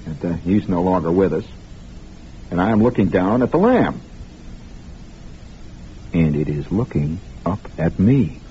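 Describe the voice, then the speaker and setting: Speaking low, expressively, and a little slowly, this radio storyteller leaves long pauses as he improvises a lengthy monologue. His manner is mock-grave and conspiratorial, addressed directly to listeners on an old, faintly hissing 1960s recording.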